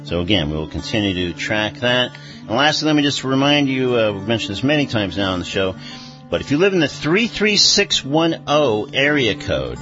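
A man hosting a radio show, reading news and introducing guests in a conversational way with many pauses. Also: mid-range voice, very animated, dull audio, over music.

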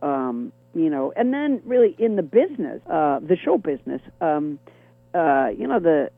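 A middle-aged woman with a low, gravelly, rough-edged voice, talking over a thin, tinny phone line. She rambles wryly through her stories with self-deprecating asides, and her voice carries a lingering chronic cough. The line sounds dry and boxed in. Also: very animated, normal speed, no echo. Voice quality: deep gravelly voice. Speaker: comedian guest. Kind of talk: phone interview chat.

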